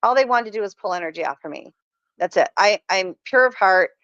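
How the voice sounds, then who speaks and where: A woman's voice: medium pitch, expressive, fairly quick, fairly bright tone, dry recording. Middle-aged lady telling a story all earnest, dull lo-fi sound, dry. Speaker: podcast guest. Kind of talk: casual chat.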